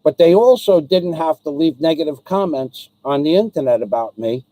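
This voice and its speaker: A man's voice: fairly high pitch, expressive, mellow, rough recording. Aggrieved man addressing a viewer. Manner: aggrieved, repetitive, halting with many ums. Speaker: livestream host. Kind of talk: live-stream address to a viewer.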